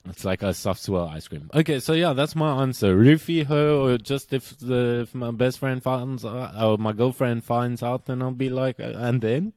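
Young man, South African accent, podcast co-host, crude joking banter, laughs a lot, mid-pitched voice, dry close sound. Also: normal speed, few pauses, a little mellow, no echo. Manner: crude, joking, laughs through his own lines. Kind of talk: casual podcast chat.

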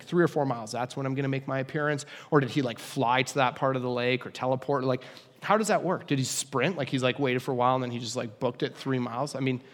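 Casual preacher in a reverberant hall. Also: male voice, fairly high pitch. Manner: conversational, animated, humorous asides. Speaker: pastor. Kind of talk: casual sermon.

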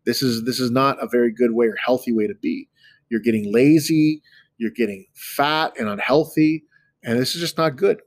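A man's voice: mid-range voice, normal speed, no echo, lightly acted. A man voicing a male trickster spirit in a storytelling podcast, lecturing people indignantly in a slightly raised voice. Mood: scolding.

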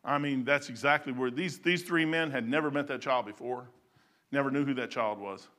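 A middle-aged man preaching a sermon, switching between loud excited bursts and low quiet asides. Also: moderate pace.

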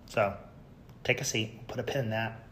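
A man hosting a podcast, reading out tweets with sarcastic, mocking commentary and sudden loud yells. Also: lowish voice, steady tone, moderate pace, slight background noise. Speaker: podcast host.

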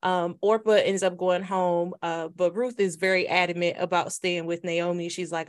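A woman's voice: on the low side, flat delivery, normal speed, few pauses. A woman co-hosting a casual faith podcast, retelling a Bible story in a chatty way and laughing now and then. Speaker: podcast co-host.

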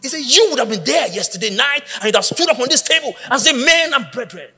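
A man preaching a sermon, telling a story with lively acted-out voices and shouting at the peaks. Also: very high voice, fast talker, husky, long reverb tail. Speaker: pastor.

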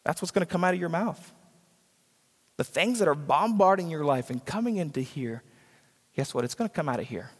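This pastor's fairly high, husky voice is expressive and brisk, broken by long pauses as he preaches in a reverberant church sanctuary. He drives his message home with repetition and acts out the people he cites.

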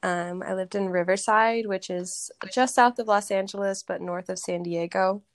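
A woman in her twenties with bronchitis, a podcast guest from Southern California, telling her story over the phone in a chatty, animated way. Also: medium pitch, moderate pace, dry recording. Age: 20s. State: has bronchitis. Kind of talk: casual interview chat.

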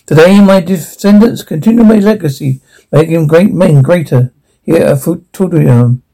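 A grandiose, self-important doctor narrates his own legacy in a mellow, warm tone that sits a little high for a man. The delivery is scripted and boastful. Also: normal speed, creaky, rough recording. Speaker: narrator of a promotional film.

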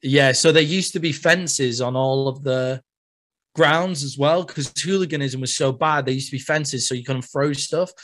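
Young british dude on a podcast, chatty, swears a lot, laughs easy. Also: male voice, mid-range voice, normal speed, a bit bright. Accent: British English. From England. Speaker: podcast host. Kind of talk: casual chat.

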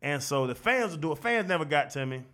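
A man with a fairly high voice, spinning profane, animated stories in a loose podcast chat. He laughs easily and slips into little impressions of other people. The talk is casual and unpolished. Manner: animated, profane, quick to laugh, acts out quotes. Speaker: guest, former football linebacker.

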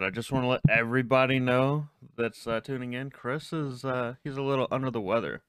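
A man's voice: mid-range voice, a little fast, few pauses, a bit bright, clean tone, no room sound. A man hosting a podcast in casual chat, laid-back and teasing his co-host, laughing easily.

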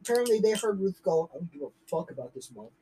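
A man telling a story in a casual chat among friends, with animated retelling and lots of filler words. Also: high voice, quick pace, a little hiss or hum, low-quality recording. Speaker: podcast co-host.

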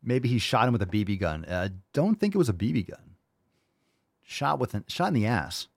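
A man's voice: fairly low pitch, big pitch swings, normal speed, dry recording. A man hosting a livestream show, reacting to clips in a blunt, mocking, sarcastic way. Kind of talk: casual reaction commentary.

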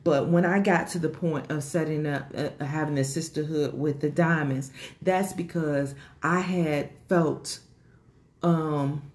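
A woman, sharing a rambling, emotional personal story about starting her organization, with many fillers and repeated words. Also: unhurried. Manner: grows animated and higher when excited.

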